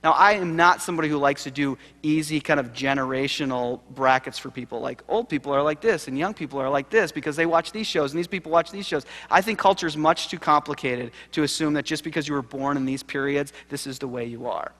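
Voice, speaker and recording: A man speaks from a lecture hall stage, his voice sitting a little high and ringing with long reverb. He tells stories in a lively, conversational way and acts out the quoted people. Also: fast, few pauses. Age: late 30s. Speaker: keynote speaker, seminary professor. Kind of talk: conference keynote talk. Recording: live hall recording with reverb.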